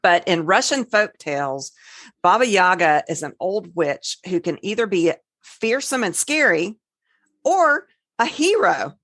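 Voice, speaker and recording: Low-voiced woman telling witch stories. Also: big pitch swings, a little slow, fairly bright tone, dry recording, clean studio sound. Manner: chatty storyteller, spells words out, trails off. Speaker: podcast co-host. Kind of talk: casual podcast chat.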